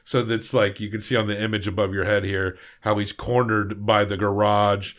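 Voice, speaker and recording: A man's voice: lowish voice, normal speed. Rambling man hosting a film podcast. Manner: relaxed, rambling, filler-heavy. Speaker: podcast host. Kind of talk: casual film review chat.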